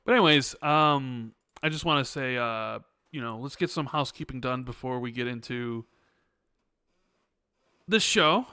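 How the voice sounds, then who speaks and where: A man's voice: mid-range voice, a little slow, sharp tone, clear, resonant tone, dry recording, clean studio sound. A man co-hosting a casual podcast, rambling loosely with lots of fillers, talking through a sore back. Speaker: podcast co-host.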